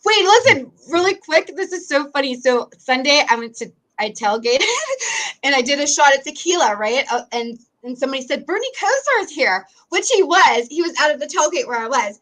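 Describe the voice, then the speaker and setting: A woman's voice: high-pitched, expressive, fairly quick, a bit bright. A woman hosting a podcast, chatting casually and bubbly, laughing often. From Ohio, USA. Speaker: podcast host. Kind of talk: casual chat.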